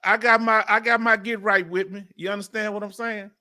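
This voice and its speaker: A man's voice: high-pitched, level tone, fairly quick, bright, forceful tone. A man with a Southern US accent hosting a casual livestream from home, chatting with a guest and reading viewer comments aloud. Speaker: livestream host.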